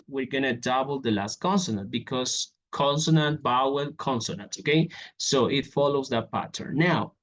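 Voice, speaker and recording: A man teaching an English grammar lesson, reading out examples and checking in with "okay?" after each step. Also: fairly high pitch. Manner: repeats "okay?" often, walks through examples on a board.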